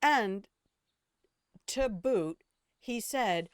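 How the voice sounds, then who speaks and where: A woman's voice: on the high side, expressive, takes it slowly, pauses often, clear, resonant tone, dry recording, studio quality. An older woman chatting casually while streaming a game, blunt and opinionated, swearing freely and rambling from one aside to the next. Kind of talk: casual gameplay commentary.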